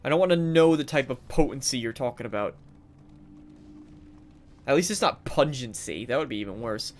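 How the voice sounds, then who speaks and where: A man's voice: mid-range voice, animated, moderate pace, slight background noise. A man streaming a video game live, commenting casually and talking sarcastically to the characters on screen.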